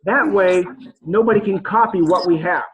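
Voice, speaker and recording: A man's voice: high voice, moderate pace, muffled recording, a loud crowd. A man giving a casual, rambling coaching talk on sales calls, acting out example phone conversations. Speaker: sales trainer.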